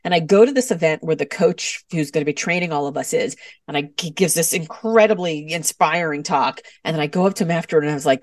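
A woman's voice: sits low, a little fast, no echo, studio quality, far from the mic. A middle-aged woman, an author and podcast guest, talking animatedly and acting out voices as she tells stories. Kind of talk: podcast interview.

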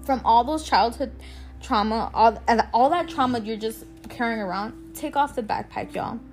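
A woman's voice: a little high, normal speed, a little mellow, faint music behind. A young woman hosting a podcast, talking about her own life in a candid, emotional way, swearing freely and laughing now and then. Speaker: podcast host. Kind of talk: casual personal monologue.

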